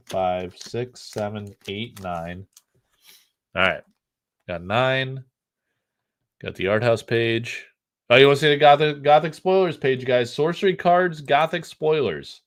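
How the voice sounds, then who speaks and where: A man's voice: mid-range voice, measured pace. A middle-aged man from the United States hosting a casual live stream, joking, rambling and reading the chat aloud.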